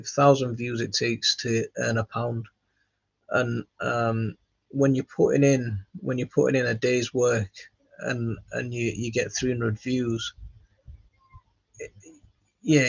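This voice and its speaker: A man hosting a gardening live stream, reading chat comments and answering in a halting, friendly way with lots of fillers and restarts. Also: mid-range voice, creaky, husky, no room sound. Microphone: phone. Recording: dry, dull lo-fi phone audio.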